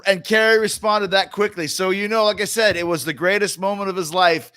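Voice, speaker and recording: A man's voice: high-pitched, fairly even intonation, brisk, sharp tone, smooth, dry recording. A man hosting a podcast in casual chat, upbeat as he reads out text messages. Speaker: podcast host.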